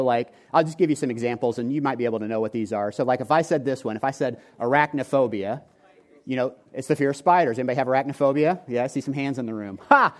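A man in his forties, a pastor preaching a sermon in a joking, conversational way and talking directly to the congregation. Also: medium pitch. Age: 40s. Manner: joking, conversational, talks to the audience. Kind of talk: sermon with humorous storytelling. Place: church before a live congregation.

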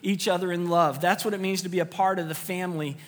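A man's voice: sits high, steady tone, fast, in a large hall. A man preaching a sermon to his congregation, earnest and emphatic, repeating key phrases for weight. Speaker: pastor. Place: church sanctuary.

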